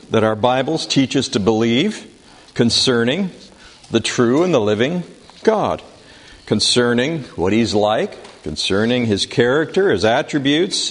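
In a classroom with a board, a man with a mid-range voice leads a Bible study, speaking deliberately and reading scripture passages aloud with emphasis.

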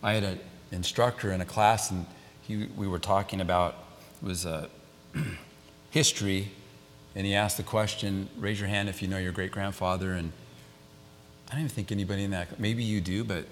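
Older male pastor, low voice, emphatic sermon delivery with repeated lines, long hall reverb and faint rumble. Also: steady tone, normal speed. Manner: emphatic, repeats key phrases, drops to quiet for weight.

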